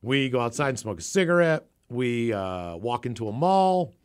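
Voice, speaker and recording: A man's voice: mid-range voice, very animated, normal speed, clean tone. A man from the Seattle area, co-hosting a podcast, telling a profane, rambling story in casual chat. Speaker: podcast co-host.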